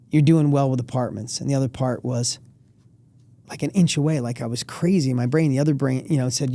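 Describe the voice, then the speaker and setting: A man's voice: medium pitch, fairly even intonation, a little fast, warm tone. A man talking emphatically and motivationally as a podcast guest. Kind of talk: podcast conversation.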